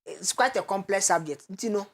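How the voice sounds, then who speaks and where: On a talk show, a female guest expert with a Ghanaian accent and a mid-range voice touched by vocal fry walks through her explanation step by step. She stays measured, dropping hesitant fillers while shifting between Twi and English.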